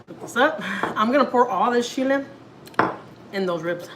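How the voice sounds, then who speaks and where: A woman's voice: on the high side, lively intonation, normal speed, fairly bright tone, slight background noise, low-quality recording. Chatty woman cooking at home. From Houston, Texas. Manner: chatty, talks straight to viewers, lots of "like" and "y'all". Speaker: family vlogger. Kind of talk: casual cooking vlog. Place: home kitchen.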